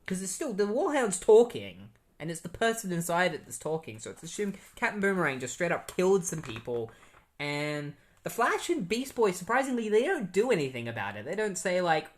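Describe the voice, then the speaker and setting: A man's voice: fairly high pitch, very animated, fairly quick. A man who lives in Australia, hosting a podcast, giving a rambling, sarcastic comic-book recap full of fillers. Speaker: podcast host.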